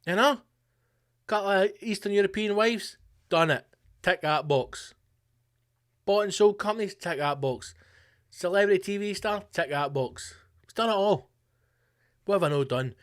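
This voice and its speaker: A Scottish man hosting his podcast, delivering a sweary, animated comedic rant in a conspiratorial tone. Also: fairly high pitch, moderate pace, pauses often. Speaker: podcast host.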